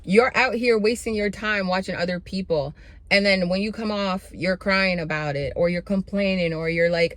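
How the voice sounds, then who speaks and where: A woman's voice: on the low side, no room sound. A young woman giving a sassy, blunt motivational pep talk straight to her viewers and calling them honey and babe. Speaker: self-improvement vlogger.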